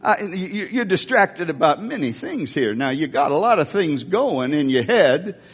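A man doing a gentle folksy drawling voice. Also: on the high side, very animated, unhurried, breathy edge, pitched below the performer's own voice, heavily acted. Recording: long reverb in a big hall.

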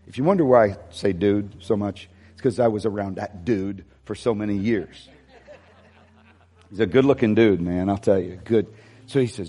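A man's voice: fairly low pitch, normal speed, warm tone, slightly rough, big-room sound. A man preaching a sermon as a pastor, telling a personal story, dropping to near-whispers and rising to emphatic peaks.

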